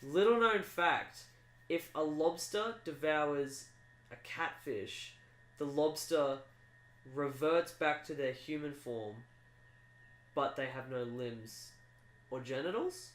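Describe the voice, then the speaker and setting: A man's voice: a little high, slow pace, fairly bright tone, echoey room, poor audio. A man on a podcast telling a made-up story in a rambling, playful way and putting on silly voices. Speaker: podcast co-host. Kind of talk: casual comedic chat.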